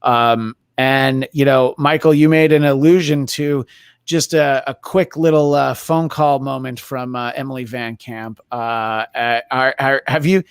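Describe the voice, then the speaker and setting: Smooth-voiced man hosting a movie podcast. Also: mid-range voice, steady tone, no room sound, studio quality. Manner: halting, lots of fillers and restarts. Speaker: podcast host. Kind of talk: casual movie discussion.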